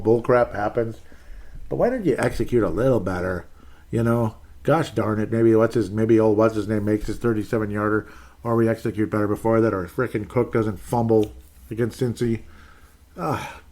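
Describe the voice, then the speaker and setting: A man's voice: mid-range voice, a little mellow. A man hosting his own sports talk show, ranting in an exasperated, rambling way with sarcastic asides. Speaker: sports podcast host. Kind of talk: ranting solo commentary.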